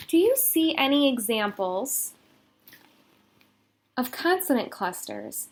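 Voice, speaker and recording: A woman teacher giving a recorded phonics lesson to young children, patient and sounding out letter sounds slowly and deliberately. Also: high-pitched, sing-song. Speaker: elementary school teacher.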